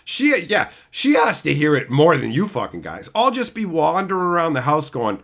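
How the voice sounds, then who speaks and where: A man's voice: fairly high pitch, sing-song, fairly quick, few pauses. A man hosting a livestream, ranting angrily with heavy profanity and mocking asides while reading chat. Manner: profane, heated, mocking, shouting at times. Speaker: streamer host.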